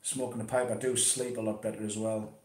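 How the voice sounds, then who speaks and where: A man's voice: fairly low pitch, flat delivery, brisk, a little mellow, reverberant. A man chatting casually and laid-back about pipe smoking, swearing now and then, at home in his conservatory. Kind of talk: casual chat.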